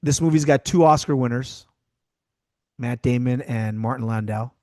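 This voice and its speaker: A man's voice: mid-range voice, normal speed, mellow, no echo. A man co-hosting a podcast, chatting casually about a film and telling stories with frequent restarts. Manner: chatty, trails off and restarts, tells anecdotes. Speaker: podcast co-host. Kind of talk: casual chat.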